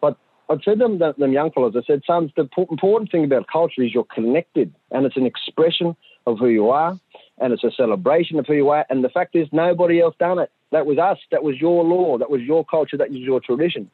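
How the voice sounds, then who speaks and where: A middle-aged man, telling a story in a lively way and acting out the voices of the people in it. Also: fairly high pitch, fairly quick, breathy edge, dry recording. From Central Australia. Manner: animated, acts out voices of his sons and others. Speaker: community storyteller. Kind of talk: conversational storytelling. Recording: dry tinny phone-like audio.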